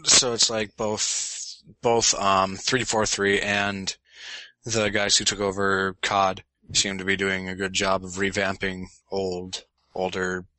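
Low, bright-voiced joking male interviewer. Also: completely flat delivery, slow pace, no room sound, rough recording. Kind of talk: casual interview chat.

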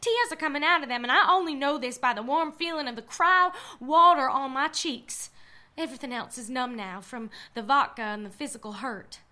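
An actress playing a drunk, frightened young woman who narrates her own ordeal, halting and stammering. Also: high-pitched, sharp tone. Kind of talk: first-person audio drama narration.

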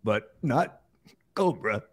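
A man playing a gruff, touchy action-movie star who hosts a comedy talk show, mumbling and blustery. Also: mid-range voice, expressive, no room sound, studio quality. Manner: mumbling, blustery, quick to anger. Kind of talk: comedic celebrity impression sketch.

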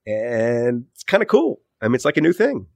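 Speaking as an interview guest, this male author and podcaster wanders thoughtfully through his answers, often revising himself mid-sentence in casual talk. His mid-range voice swings hugely in pitch at a moderate pace, with vocal fry, no echo and clean studio sound.

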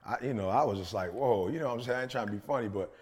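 A man's voice: medium pitch, very fast, a little mellow. A young man co-hosting a podcast, telling a story animatedly in slangy casual speech and laughing often. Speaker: podcast co-host.

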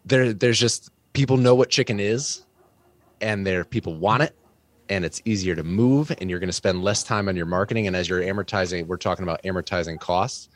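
Low-voiced male farmer, argues his side with confidence. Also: brisk, dry recording. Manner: confident, persuasive. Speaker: farmer arguing for chickens. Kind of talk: debate argument.

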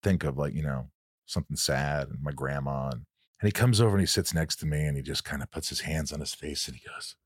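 Man, very low voice, middle-aged, casual storytelling, dry close mic. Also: brisk, breathy edge, no room sound. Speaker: co-host. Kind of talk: casual chat, reading fan questions.

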